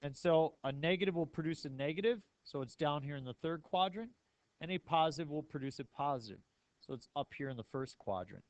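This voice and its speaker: A man teaching a math lesson with a slightly high voice, recorded close and dry. He keeps quizzing his listeners and makes little jokes as he goes along. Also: lively intonation, fairly quick, no room sound. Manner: playful, asks the class many questions. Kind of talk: classroom lecture.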